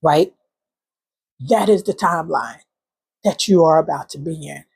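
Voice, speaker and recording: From her bedroom, a woman who hosts a spiritual channel shares an emotional testimony, speaking haltingly with fillers and soft, whispered moments. Her voice is deep, creaky, and husky.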